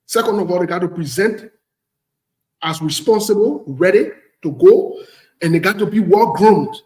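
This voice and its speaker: A Liberian man hosts a casual talk show in a bold, blunt manner. His voice sits high for a man, and he drives each point home by repeating it. The recording sounds roomy, with a clear echo. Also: moderate pace, darkish tone. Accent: Liberian English. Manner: blunt, preachy, repeats phrases for emphasis. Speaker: host.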